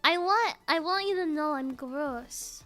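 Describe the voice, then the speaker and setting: A high-pitched, bright-voiced woman rambling casually on a stream. She talks slowly and drawls, laughing and teasing herself between thoughts. Faint music plays in the background. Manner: giggly, self-mocking, jokey rambling.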